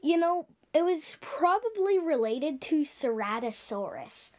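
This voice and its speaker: A high-pitched woman narrates a make-believe time-travel adventure about dinosaurs. Her voice leaps all over the place, and she talks slowly, dropping now and then into hushed whispers. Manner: animated, with sound effects and loud gasps. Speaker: host of a dinosaur show.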